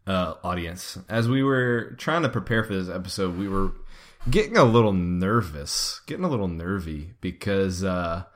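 A young man co-hosting a comedy podcast, slightly low in pitch, riffing with goofy, playful energy. He jokes around loosely and laughs easily between bits. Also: lively intonation, moderate pace. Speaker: podcast host. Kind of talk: casual comedic podcast banter.

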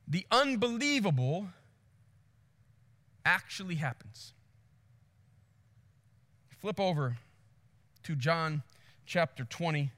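A man preaching with a high, bright voice. His delivery is animated, swinging from hushed to loud, and it rings with a long hall reverb. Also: takes it slowly, pauses often. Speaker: pastor. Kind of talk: sermon.

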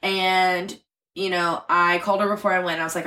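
A woman's voice: fairly low pitch, flat delivery, normal speed, bright, forceful tone. A young adult woman co-hosting a podcast, chatting earnestly and laughing often. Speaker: podcast co-host. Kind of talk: casual chat.

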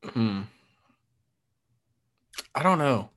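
A man's voice: medium pitch, big pitch swings, drawn-out words, fairly bright tone. A man co-hosting a podcast in loose casual chat, swearing often and filling his talk with "like" and "you know". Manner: loose and profane, lots of fillers. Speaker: podcast co-host.

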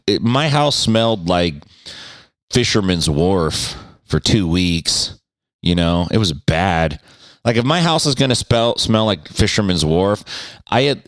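A man's voice: deep voice, a bit bright, no room sound, clean studio sound. A man hosting a podcast, telling a story in a casual, profane, self-mocking way. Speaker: podcast host.

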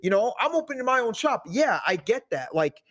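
A man from Indiana, a podcast guest who owns a nutrition shop, telling stories in profane, animated casual chat. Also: very high-pitched, brisk. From Indiana, USA.

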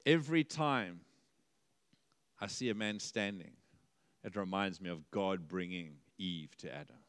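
Chatty preacher man, bright crisp voice, goes quiet then loud, big hall reverb. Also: sits low, a little slow, pauses often. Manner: lively and conversational, drops to quiet emphasis then rises to exclamations. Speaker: pastor. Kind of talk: sermon.

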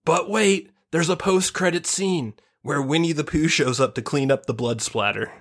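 A man's voice: on the high side, normal speed. A man co-hosting a podcast, spinning a long absurd comic story and acting out the people in it. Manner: spins absurd stories, acts out quoted characters. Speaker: podcast co-host. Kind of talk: casual comedic chat.

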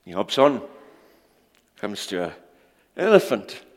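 A man preaches from the pulpit, animated and joking with the congregation. His pitch rises and falls with great energy. The sound carries the long, ringing reverb of a church hall. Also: slow. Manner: animated, jokey, chats with the congregation. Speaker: pastor. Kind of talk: sermon with storytelling.

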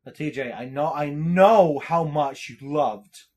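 A man's voice: on the high side, slow pace, darkish tone. A man co-hosting a casual podcast chat about movies and shows, laughing often and acting out quotes. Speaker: podcast co-host.

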